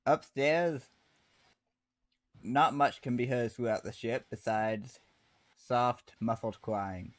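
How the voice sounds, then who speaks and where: A man running a tabletop game as game master, describing scenes in a plain, unhurried way. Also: mid-range voice, fairly even intonation.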